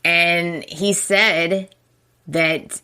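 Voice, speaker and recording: A woman's voice: on the low side, fairly even intonation, extremely slow, sharp tone, clear, resonant tone. A woman hosting a podcast, casually recapping a soap opera, laughing often and talking straight to her listeners. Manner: exclaims in outrage at characters. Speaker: podcast host.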